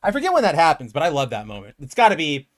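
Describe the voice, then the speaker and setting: Young male podcast co-host, animated, fairly high voice, quick to act out quotes in a casual comic chat. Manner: animated, acts out quoted lines.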